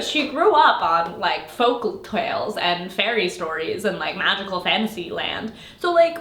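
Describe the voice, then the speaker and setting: A young woman talks through a fantasy novel's plot in a casual recap, her speech full of "like" and sarcastic asides. Her voice sits slightly high. The room around her is echoey. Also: pushed and bright. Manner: exasperated, sarcastic, full of "like" fillers. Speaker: book reviewer.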